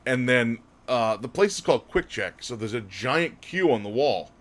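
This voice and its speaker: A man's voice: medium pitch, expressive, normal speed. A man co-hosting a podcast, telling a casual story in a rambling way. He often corrects himself and laughs as he goes. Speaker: podcast co-host.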